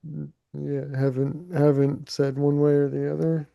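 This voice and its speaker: Man, podcast co-host, slow and halting, gravelly with a very dark tone. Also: on the high side, level tone, lo-fi sound. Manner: halting, restarts words while explaining. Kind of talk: casual chat.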